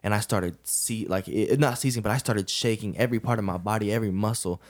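A man's voice: lowish voice, fast. A young man, a podcast guest, telling a personal story in a casual, laid-back way, often laughing and saying "bro".

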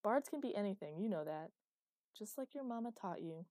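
A woman's voice: medium pitch, lively intonation, a little fast, no echo, natural voice. A woman voicing a brash, crude young man. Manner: loud, mocking and crude.

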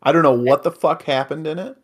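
An excitable man co-hosting a casual talk show, walking through episodes scene by scene. He jokes around and swears now and then. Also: a little high, a little fast, breathy edge. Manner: excitable, swears, jokey asides. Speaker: podcast co-host. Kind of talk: casual chat recapping an anime.

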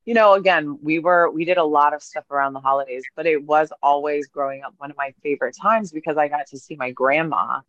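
A woman's voice: low voice, fairly quick, hardly any pauses, a bit bright, no room sound, muffled recording. A woman co-hosting a podcast, telling stories in a chatty, playful way with lots of fillers. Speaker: podcast co-host. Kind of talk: casual chat.

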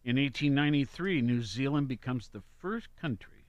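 A man's voice: medium pitch, lively intonation, normal speed, no echo, muffled recording. Chatty male radio host, dry studio. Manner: chatty, reads weather and history notes with asides. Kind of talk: casual radio chat.

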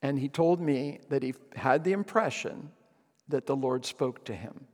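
A man's voice: mid-range voice, measured pace, darkish tone, long reverb tail. A man preaching a sermon as pastor, telling a story with frequent ums and restarts.

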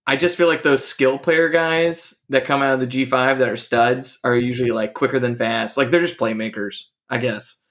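A man's voice: mid-range voice, fairly even intonation, moderate pace, hardly any pauses, a bit bright. A man co-hosting a podcast, chatting casually about college football and hedging his points with lots of fillers. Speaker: podcast co-host. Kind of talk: casual sports chat.

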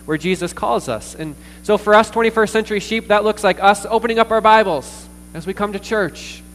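Earnest pastor preaching in a reverberant hall. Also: male voice, sits high, a bit bright. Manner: earnest, pausing with fillers and repeated words. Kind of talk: sermon. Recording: distant reverberant hall with mains hum.

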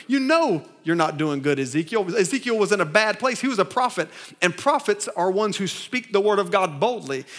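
The speaker is a pastor with a high, somewhat bright voice, preaching emphatically to a congregation at a church service. He repeats phrases, restarts himself, and frequently prompts call-and-response from the crowd.

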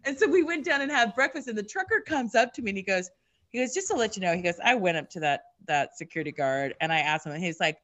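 A woman's voice: mid-range voice, quick pace. A woman telling a story in casual chat, swearing and acting out the quoted lines of everyone in it. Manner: animated, swears, acts out quotes.

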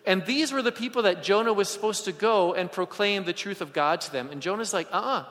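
A male pastor preaches in a large church hall, his fairly high voice trailing off in long reverb. He tells stories with animated delivery, pushing some phrases out loudly and dropping others to a hush. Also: fairly quick. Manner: animated storyteller, swings from loud emphasis to hushed asides. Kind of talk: sermon with personal stories.

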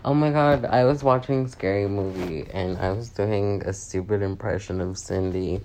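A man's voice: lowish voice, normal speed, a little mellow, a little hiss or hum. A young man with a sore voice, chatty and sassy, swearing freely as he rants in a casual vlog. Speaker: vlogger.

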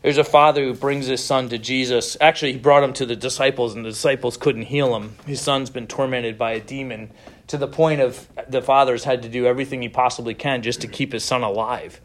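A middle-aged man preaching a sermon as pastor, earnest and conversational, with gentle laughs between thoughts. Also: mid-range voice, fairly even intonation, a little fast.

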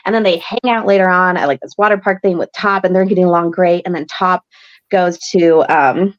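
A woman's voice: fairly low pitch, fairly even intonation, fairly quick, muffled recording. A woman hosting a podcast, recapping an episode in a chatty, rambling way full of fillers. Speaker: podcast host.

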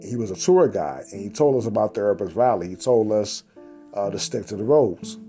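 A man playing a jittery tourist who stammers through his excuses in a low, unsure voice. His lines sound close to plain talk, and his pitch moves a lot within each phrase. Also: animated, brisk, mellow, faint music behind. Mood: explaining. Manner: hesitant, stammering. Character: nervous lost male tourist.

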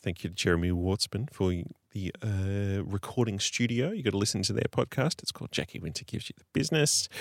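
Male podcast host, gravelly and dry-voiced, rambling casual sign-off. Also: lowish voice, no room sound. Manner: loose, rambling and joking. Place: recording studio.

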